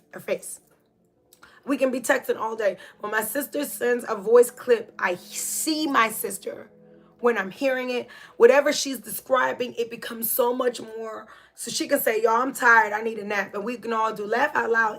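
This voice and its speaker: A middle-aged woman hosting a podcast, talking through ideas in a reflective, conversational way with many fillers and restarts. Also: a little high. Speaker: podcast host. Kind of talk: casual spiritual monologue.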